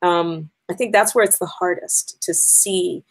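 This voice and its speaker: A woman's voice: fairly low pitch, steady tone, unhurried, poor audio. A woman educator giving a conversational conference talk to teachers, explaining her points step by step with frequent ums.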